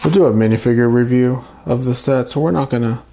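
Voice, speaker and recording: A man with a mid-range, gravelly voice narrates a toy build in an easygoing, explanatory way. He walks through each step calmly as he goes. A faint hiss sits under the recording. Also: medium pitch, fast. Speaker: toy reviewer. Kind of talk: casual unboxing narration.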